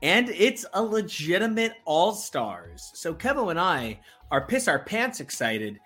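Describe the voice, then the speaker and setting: A man with a bright, ringing voice hosting a casual podcast over a call. He talks in excited bursts full of fillers and quips. Soft music sits underneath. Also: high voice, measured pace. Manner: excitable, many fillers, joking. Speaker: podcast host. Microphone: remote call.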